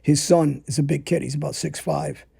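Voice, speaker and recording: Gravelly, husky-voiced man telling blunt stories. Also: fairly high pitch, steady tone, normal speed, dark tone. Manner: blunt, profane, tells events in present tense. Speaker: storyteller guest. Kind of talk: casual storytelling.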